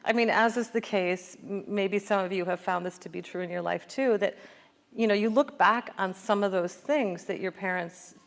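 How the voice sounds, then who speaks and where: A woman's voice: mid-range voice, moderate pace, creaky. Reflective American woman author in conversation. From United States. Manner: reflective, many fillers and restarts. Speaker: author guest. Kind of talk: onstage conversation.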